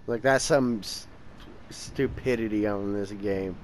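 Tired, frustrated young gaming host. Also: male voice, on the low side, slow, slight background noise, rough recording. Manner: frustrated, impatient, talks to the game. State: tired and yawning. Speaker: gameplay channel host. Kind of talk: casual let's-play commentary.

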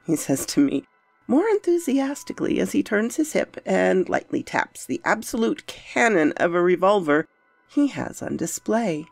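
A woman's voice: medium pitch, big pitch swings, moderate pace, vocal fry, dry recording, faint music behind. A woman narrating a horror story in a dramatic, brooding first-person style.

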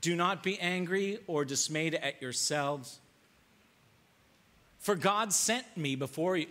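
A man's voice: a little high, slow pace, pauses often, pushed and bright. A male pastor preaching a sermon, acting out quoted lines and firing off rhetorical questions. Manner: dramatic, acts out quoted voices, rhetorical questions.

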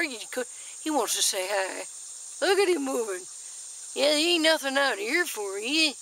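Woman, bright sharp voice, slightly high, folksy and chatty, outdoors, faint crickets behind. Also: moderate pace, vocal fry, a little hiss or hum, poor audio. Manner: folksy, chatty, easily excited. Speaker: nature vlogger. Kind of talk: casual nature walk-and-talk. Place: outdoors in a backyard garden.

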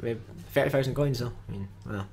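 A man's voice: mid-range voice, fast talker, creaky, a little mellow, a little hiss or hum. A young man giving casual, grumbling commentary with dry jokes as he opens card packs in a game video. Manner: dry, grumbling, jokey asides. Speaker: gaming video host.

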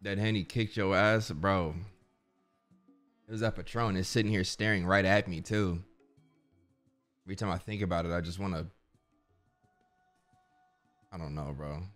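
A man's voice: low voice, fairly even intonation, moderate pace, long pauses, a bit bright, faint music behind. A young man streaming a video game, chatting casually and full of slang while he reads the game's dialogue aloud. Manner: slangy, rambling, says bro constantly. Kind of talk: casual gameplay commentary.

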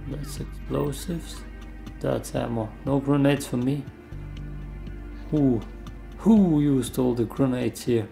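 Brief: unhurried gamer guy, dark gravelly tone, muttering play-by-play, faint background music. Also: mid-range voice. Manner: mumbling, self-deprecating play-by-play. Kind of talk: casual gameplay commentary.

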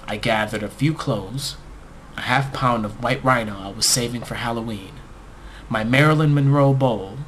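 A man narrating a comic first-person story in a deadpan, overblown storyteller manner. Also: medium pitch, slight background noise.

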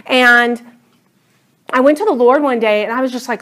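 A woman with a slightly high voice teaches a class Bible study at a normal speed. Her style is conversational and animated, and she acts out her own prayers.

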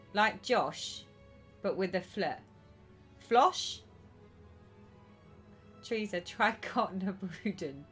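A woman chatting her way through a stitching livestream, reading viewer comments aloud and giggling often. She talks at an unhurried pace, with faint music playing underneath. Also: mid-range voice, fairly bright tone. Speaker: livestream host. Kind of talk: casual stitching livestream chat.

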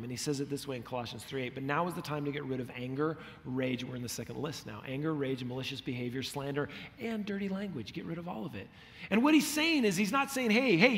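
A man's voice: a little high, fairly bright tone. A middle-aged man preaching a sermon as a pastor, telling stories with animation and acting out the lines he quotes. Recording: long hall reverb.

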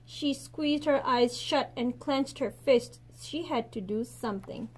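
A woman teacher reading a picture book aloud expressively, slowing and softening at the gentle endings. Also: sits high, slightly rough.

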